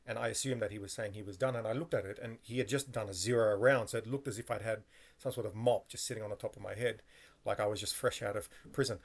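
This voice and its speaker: A man's voice: fairly low pitch, steady tone, quick pace, vocal fry. Man telling a story, rambling with self-corrections. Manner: meandering, with frequent fillers and self-corrections. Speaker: vlogger. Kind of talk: casual storytelling monologue.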